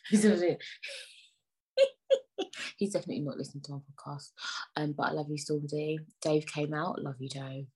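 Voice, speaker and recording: A woman's voice: sits low, steady tone, fast, darkish tone, husky. A young woman hosting her own podcast, chatting in a rambling, playfully indignant way and sometimes dropping into near-whispered asides. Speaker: podcast host. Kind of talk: casual solo podcast chat.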